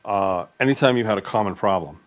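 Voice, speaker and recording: A man's voice: fairly low pitch, fast talker. A man co-hosting a casual talk, telling loose, filler-heavy travel stories. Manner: rambling, filler-heavy storytelling. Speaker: podcast co-host. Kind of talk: casual conversational chat.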